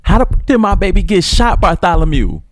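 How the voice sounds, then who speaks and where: A man voicing a tough, quick-tempered middle-aged mother who talks blunt and cusses with streetwise slang. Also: deep voice, lively intonation, darkish tone, pitched above the performer's own voice. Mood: furious, screaming.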